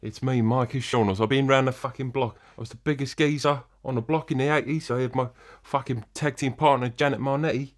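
A man's voice: medium pitch, fairly even intonation, brisk, hardly any pauses, natural voice. A man playing a crude, swaggering old-school British wrestling legend, swearing constantly as an interview guest. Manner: swears constantly, cocky geezer bravado.

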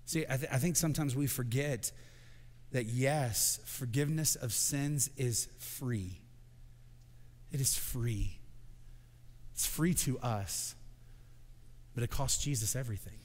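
Preaching pastor, quiet to shouted. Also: male voice, mid-range voice, slow, long pauses, long reverb tail. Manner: builds from quiet to shouting proclamation. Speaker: senior pastor. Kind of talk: sermon. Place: church sanctuary.

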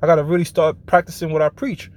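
Speaking with a high-leaning voice and a level tone, a man hosts a live show of informal preaching. He's blunt and swears, keeps checking in with listeners, and slows his pace to read from scripture.

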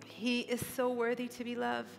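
A woman's voice: on the high side, monotone, normal speed, vocal fry, faint music behind. Woman pastor, forties, emotional tearful sermon, live church hall reverb. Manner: emotional, tearful, earnest preaching.

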